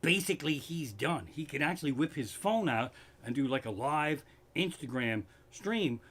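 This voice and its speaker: A man's voice: a little high, animated, normal speed, a bit bright. A man doing profane, worked-up stand-up comedy, streamed live from his living room, with a Pennsylvania accent.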